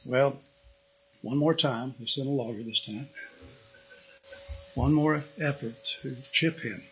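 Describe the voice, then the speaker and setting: A man's voice: medium pitch, slow, fairly bright tone, poor audio. A man giving a folksy, conversational Bible teaching, reading scripture aloud. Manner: folksy, reads scripture aloud in King James wording.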